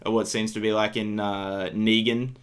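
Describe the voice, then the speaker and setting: A male co-host talking casually and recapping episodes in a relaxed chat. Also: fairly low pitch, moderate pace, smooth. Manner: easygoing, chatty, recaps plots.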